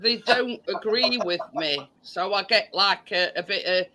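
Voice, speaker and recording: A hoarse woman with a Yorkshire accent, hosting a casual live-stream chat over a video call and often stumbling over and repeating her words. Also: mid-range voice, lively intonation, measured pace, over a noisy crowd, rough recording.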